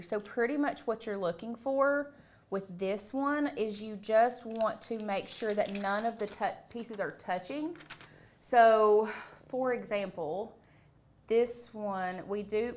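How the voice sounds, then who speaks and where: A young adult woman leading a live craft demonstration, talking in a loose, chatty way while she lays out and presses pieces. Her voice sits at a middle pitch for a woman, and her words drift and restart as she focuses on the work in front of her. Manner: chatty, talks while working with hands. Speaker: craft tutorial host.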